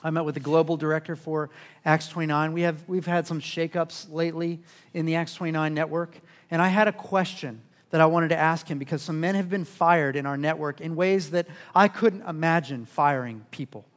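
High-voiced earnest male pastor preaching. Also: fairly even intonation, fairly quick. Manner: earnest, repeats words when starting sentences. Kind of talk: sermon.

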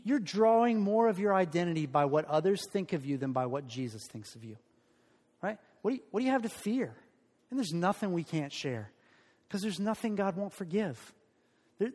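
Man, pastor, sermon, high-pitched, emphatic, call-and-response, long hall reverb. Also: darkish tone. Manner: leads the congregation in call-and-response declarations; earnest, emphatic preaching with repeated phrases. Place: church sanctuary.

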